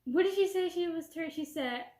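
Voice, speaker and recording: A woman's voice: very high-pitched, moderate pace, darkish tone. A young woman telling a casual storytime rant, animatedly retelling a back-and-forth conversation. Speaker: vlogger. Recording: echoey room.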